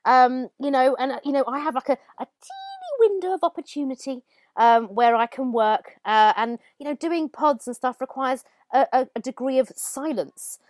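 Frank mum on a podcast, high lively voice, dry sound. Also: female voice, moderate pace, no room sound. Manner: frank, self-mocking, swears. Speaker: podcast guest. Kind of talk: casual chat.

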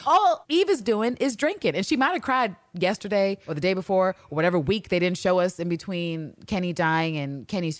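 A woman's voice: fairly low pitch, no room sound. A woman co-hosting a podcast, recapping a TV episode in casual chat and acting out the characters' lines with sass. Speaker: podcast co-host.

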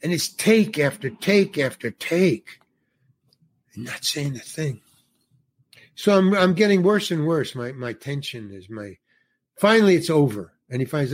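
A man in his eighties from New York, a podcast guest, tells a rambling anecdote and acts out its dialogue. His voice is on the high side with big pitch swings, a measured pace, and frequent pauses, and there's a little hiss or hum in the recording.

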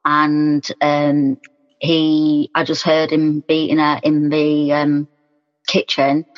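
A woman's voice: low voice, completely flat delivery, slow pace. A woman being interviewed, telling her own story frankly and acting out what was said in quoted speech. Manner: frank, plain-spoken, retells scenes in quoted speech. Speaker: interview guest. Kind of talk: personal account in conversation. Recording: dull sound with long room reverb.

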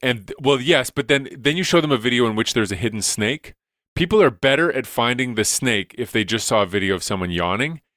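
A man's voice: mid-range voice, animated, fairly quick, a bit bright, no room sound, studio quality. A man, a science educator, explaining studies enthusiastically in a casual podcast chat, with lots of "like"s and restarts.

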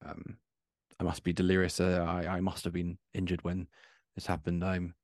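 A man's voice: deep voice, completely flat delivery, moderate pace, darkish tone, no echo, clean studio sound. A man voicing a flustered, dazed male museum curator who stammers and apologizes. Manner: stammering, fumbling.

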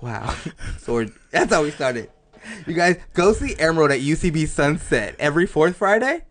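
An excitable man hosting a casual podcast, laughing often and swearing freely. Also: on the high side, normal speed. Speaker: podcast host.

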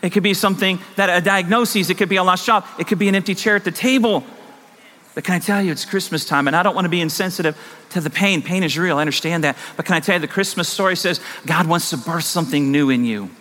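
A middle-aged man preaches in a big church sanctuary, his voice high and bright. He hammers on repeated phrases, rising and falling in force. Long reverb from the hall hangs around his words. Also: quick pace. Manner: emphatic, repetitive preaching that swells and drops. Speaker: pastor. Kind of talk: sermon.

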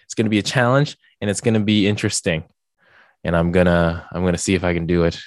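A young man hosting a podcast in casual chat, rambling with lots of fillers and getting animated when he jokes. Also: sits low, fast, no echo. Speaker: podcast host.

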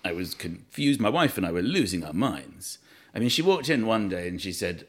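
Animated man telling rambling stories. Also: low voice, fairly quick. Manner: rambling, self-deprecating storytelling with restarts. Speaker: comedian guest. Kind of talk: anecdotal chat.

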